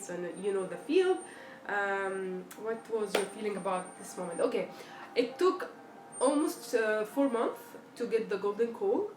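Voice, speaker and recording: Chatty young woman on a live stream. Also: medium pitch. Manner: chatty, animated storytelling, acts out quoted dialogue. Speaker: live-stream host answering viewer questions. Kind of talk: casual live Q&A chat. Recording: echoey room, faint background noise.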